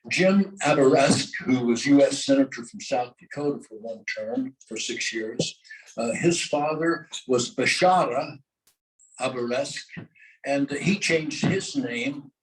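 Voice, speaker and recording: An older man giving a talk at a luncheon, halting with many filler sounds and drawing the audience in with questions. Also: medium pitch, far from the mic, rough recording. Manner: engages the audience with questions and call-and-response. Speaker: guest speaker. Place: luncheon meeting room. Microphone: microphone held at a distance. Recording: voice heard from off the mic.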